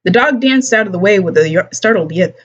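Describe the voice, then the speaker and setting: A woman streamer reads a novel aloud in an unhurried, plain narrating voice, now and then tossing in offhand asides. Her tone is a little breathy and husky. The audio is dull and lo-fi, like a home stream mic. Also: medium pitch, expressive. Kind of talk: casual read-aloud of a novel.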